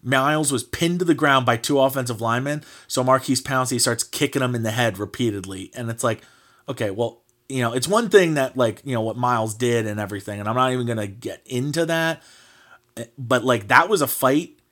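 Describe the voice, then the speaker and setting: A man's voice: mid-range voice, fairly quick, fairly bright tone. A man hosting a sports podcast, ranting in a heated, mocking way, swearing freely and filling his talk with "like" and "you know.". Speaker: podcast host. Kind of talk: casual sports podcast rant.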